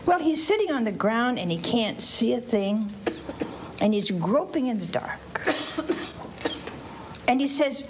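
Animated woman preaching to a congregation. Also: medium pitch, normal speed, slight background noise. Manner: animated, chatty, quizzes the audience directly. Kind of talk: sermon with Bible storytelling.

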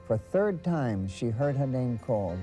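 A man narrating a saint's life story in a measured, storytelling way. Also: medium pitch, very animated, dark tone, faint music behind. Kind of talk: scripted documentary narration.

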